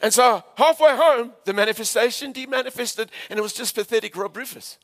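A man from England preaching a storytelling sermon, animated, switching between shouts and hushed tones. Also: very high voice, brisk.

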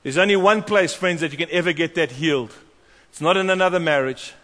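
A man preaching a sermon, animated and storytelling, acting out the voices of the people in his stories. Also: on the high side, fairly quick. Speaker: pastor. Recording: long hall reverb.

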